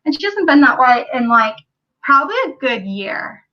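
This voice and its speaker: A woman's voice: high-pitched, big pitch swings, moderate pace, highs cut off. A woman hosting a casual livestream chat, talking in a chatty way and reading viewer comments aloud. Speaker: livestream host.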